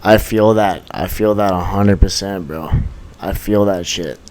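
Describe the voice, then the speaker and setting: Brief: young male co-host, slightly low voice, casual and affirming, swears freely. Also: unhurried, a little mellow, poor audio. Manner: affirming, swears casually, uses bro and dude. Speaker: podcast co-host. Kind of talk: casual chat.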